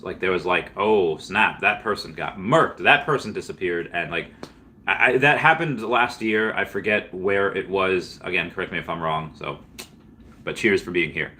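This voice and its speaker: A man hosting a casual livestream Q&A, rambling and restarting, with sudden excited jumps in pitch. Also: slight background noise. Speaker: livestream host answering viewer questions.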